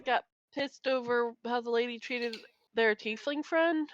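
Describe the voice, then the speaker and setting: A woman's voice: a little high, a little slow, highs cut off, slight background noise, natural voice. A woman voicing a young female adventurer who explains things in a hurry. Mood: hurried.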